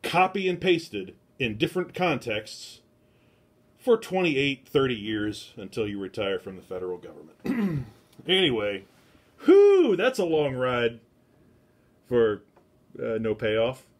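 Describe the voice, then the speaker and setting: A man's voice: medium pitch, very animated, slow pace. Rambling man hosting a book club. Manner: meandering, self-deprecating asides. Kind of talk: rambling casual livestream talk. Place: home, talking to a phone camera. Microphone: phone.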